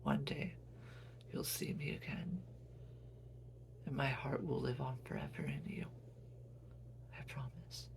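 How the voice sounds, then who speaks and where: Brief: man doing a tender dying older mother, barely above a whisper, unhurried. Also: mid-range voice. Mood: tender farewell. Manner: soft breathy whisper.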